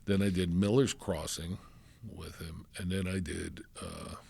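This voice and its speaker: A man with a New Jersey accent telling lively film-set stories in an interview, acting out what others said and swearing casually. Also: low voice, unhurried, creaky, slightly rough. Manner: animated anecdotes, acts out quoted voices, swears casually. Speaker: film crew member, interview guest.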